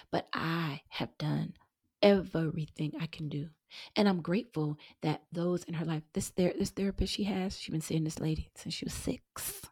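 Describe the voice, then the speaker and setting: A middle-aged woman hosting her own show, talking earnestly and warmly to listeners she calls y'all, sometimes dropping to a breathy near-whisper. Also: deep voice, no room sound, studio quality. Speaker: podcast host. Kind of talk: heartfelt casual monologue.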